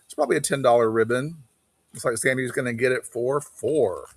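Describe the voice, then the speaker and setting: A man hosting a live online auction stream, chatting casually and quickly calling bids while greeting viewers by name. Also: mid-range voice, creaky, slightly rough, dry recording.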